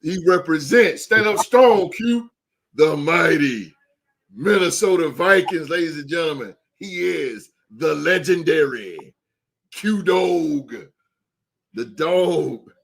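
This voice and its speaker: A man hosting a sports podcast, reading sponsor plugs and giving booming announcer-style introductions to his co-hosts. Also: expressive, slow pace, creaky, a bit bright, breathy edge. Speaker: podcast host.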